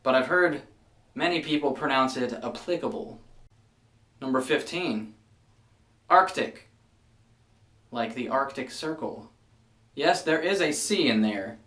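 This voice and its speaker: A man's voice: fairly high pitch, fairly bright tone. A man talking casually to his viewers in a wry, chatty way. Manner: chatty, wry, fond of mild exasperation. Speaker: vlogger. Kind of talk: casual list video. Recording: echoey room, somewhat far from mic.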